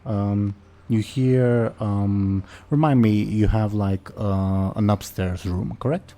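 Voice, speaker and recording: Male game master, slow and hesitant, low dark voice. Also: fairly even intonation. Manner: hesitant, many fillers. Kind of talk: narrating a tabletop game.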